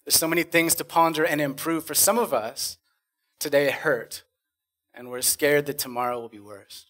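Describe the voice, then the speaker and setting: A man on a conference stage performing spoken-word poetry, rhythmic and dramatic, swinging from loud bursts to hushed lines. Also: a little high, moderate pace. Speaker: conference speaker.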